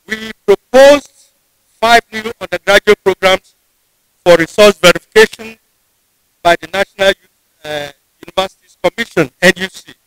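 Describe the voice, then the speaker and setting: Nigerian guy giving a formal ceremony speech, pretty high voice, slow deliberate delivery, dry close sound. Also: a bit bright, clean tone, no room sound, low-quality recording. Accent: Nigerian English. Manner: measured, deliberate delivery with frequent restarts. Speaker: university official giving a convocation address. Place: ceremony venue.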